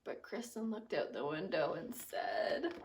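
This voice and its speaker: Young female teacher, lively read-aloud, lightly distant home recording. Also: fairly low pitch, measured pace. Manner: animated storytelling with expressive character voices. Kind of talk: reading a picture book aloud to children.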